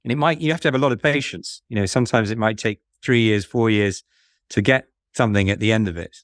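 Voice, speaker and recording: A man being interviewed about investing, speaking in a musing, halting way with many restarts. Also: lowish voice, no echo, studio quality. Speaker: fund manager guest. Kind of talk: conversational podcast interview.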